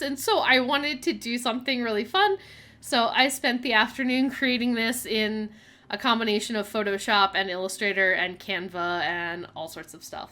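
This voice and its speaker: A woman's voice: fairly high pitch, bright, forceful tone. A young woman streamer chatting casually while playing a mystery game, reading its text aloud and laughing often. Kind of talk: casual gameplay commentary. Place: home streaming setup.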